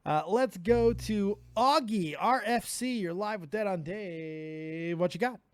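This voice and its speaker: High-voiced excitable male stream host. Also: slow, smooth, no room sound. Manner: laughs often, swears freely, excitable. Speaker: livestream host taking calls. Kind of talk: casual live call-in chat.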